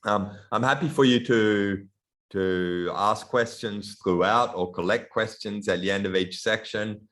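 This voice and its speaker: A middle-aged man with a mixed Australian and European accent, giving an online lecture in a halting way, with many ums and restarts, over a video call. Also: fairly low pitch, fairly bright tone. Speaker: guest lecturer. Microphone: computer mic on a video call.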